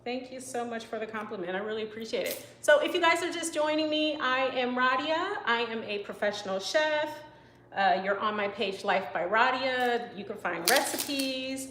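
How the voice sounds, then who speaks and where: A woman's voice: a little high, lively intonation, moderate pace, fairly bright tone, roomy sound, a little hiss or hum, low-quality recording. Chatty woman chef streaming live. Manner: chatty and rambling, full of "you know" and "like", answers comments as she cooks. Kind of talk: casual live cooking stream, chatting with viewers. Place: home kitchen.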